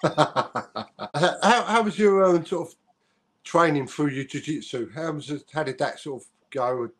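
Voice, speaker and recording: Male host, fairly high voice, short casual interjections. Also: measured pace, a bit bright. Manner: brief reactions, laughs along. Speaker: podcast host.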